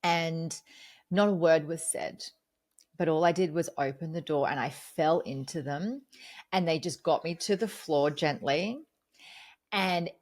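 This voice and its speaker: A woman's voice: low voice, a little slow, darkish tone. A woman in her thirties, a podcast guest, candidly retelling a personal breakdown with acted-out quotes and blunt swearing. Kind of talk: personal storytelling in conversation.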